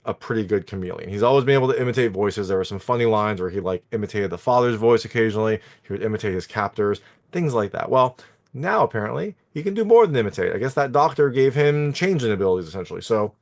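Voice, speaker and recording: Man, movie reviewer, casual rambling recap, mid-pitched voice. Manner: chatty, meandering, lots of fillers and asides. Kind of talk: casual spoken film recap.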